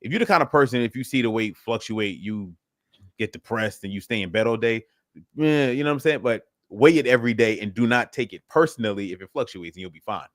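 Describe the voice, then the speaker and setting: Laid-back low-voiced man on a livestream. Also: brisk, no echo, studio quality. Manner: relaxed, conversational, lots of fillers like "you know what I'm saying". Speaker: fitness host answering live questions. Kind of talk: casual live Q and A. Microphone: livestream setup.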